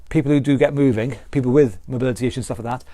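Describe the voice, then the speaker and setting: A man's voice: medium pitch, fairly even intonation, racing, dark tone, no room sound. A man with a British accent, a fitness instructor explaining training principles in a live online class, earnest and repetitive, with restarts. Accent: British English.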